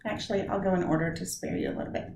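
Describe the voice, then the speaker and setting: A woman teaching a lesson on poetic meter, explaining step by step and sounding out words slowly to show where the stress falls. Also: fairly low pitch, fairly even intonation, gravelly, a little mellow, roomy sound, a little hiss or hum. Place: room with a whiteboard.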